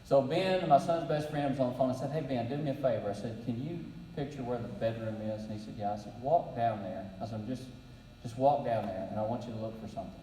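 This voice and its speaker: Middle-aged man, folksy storyteller with dry humor, mellow voice, picked up from a distance in a long-echo hall. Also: medium pitch, fast, a little hiss or hum. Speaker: breakfast speaker. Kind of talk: faith-based leadership talk. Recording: roomy hall, distant mic.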